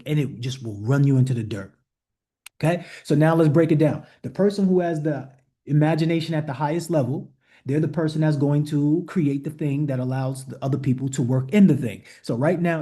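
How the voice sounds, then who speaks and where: A man's voice: on the high side, warm tone. A man coaching a group on an online call, blunt and emphatic, repeating rhetorical questions and giving direct commands. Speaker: coach leading a leadership call. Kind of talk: motivational teaching to a group.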